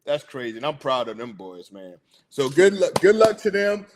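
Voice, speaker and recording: A man's voice: fairly high pitch, big pitch swings, moderate pace, noisy background. A middle-aged man hosting a casual sports talk show, chatty and hyped, laughing often.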